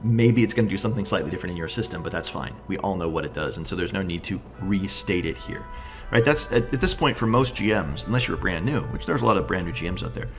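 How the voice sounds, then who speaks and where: A man's voice: sits low, expressive, fast, over music. A man casually reviewing tabletop game books, enthusiastic and thinking aloud, often asking "right?".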